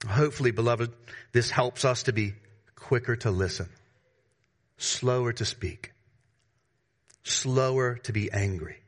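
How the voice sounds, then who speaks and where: A man preaching a sermon to his congregation, emphatic, with sudden rises in pitch and volume and casual slangy asides. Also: unhurried, pauses often. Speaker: pastor.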